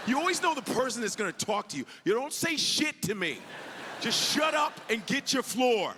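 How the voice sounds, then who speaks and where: A man performing a stand-up comedy set on a club stage, acting out characters with sudden shouted outbursts. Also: very high voice, fairly quick. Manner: animated, acts out characters with big shouted outbursts. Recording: live club recording with audience noise.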